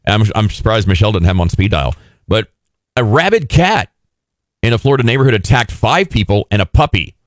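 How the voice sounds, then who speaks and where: A male host with a fairly low voice that rises and falls freely as he tells odd news stories. He keeps a wry, joking tone, and the sound is dry and close. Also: sing-song, brisk, no echo. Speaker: radio show host. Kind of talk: casual news chat.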